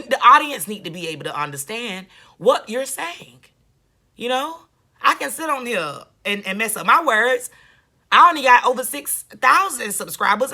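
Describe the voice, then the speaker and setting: A woman's bright, forward voice carries her casual reaction commentary. She is blunt and sarcastic, scolding the person she watches and hammering points home by repeating them. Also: high voice. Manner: animated, repeats herself with emphasis. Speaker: video commentator.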